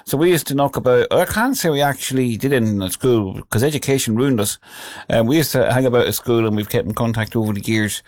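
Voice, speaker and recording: A middle-aged man hosts a radio show, chatting his way through listener dedications. He rambles with plenty of fillers, his voice sitting at an ordinary middle pitch. The sound is dry and close, with no room around it. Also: a little fast, darkish tone, no echo. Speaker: radio presenter.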